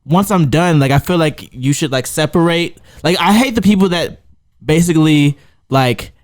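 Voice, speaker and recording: A man co-hosting a podcast, relaxed and conversational in casual chat. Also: on the high side, moderate pace, no room sound, clean studio sound. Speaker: podcast co-host.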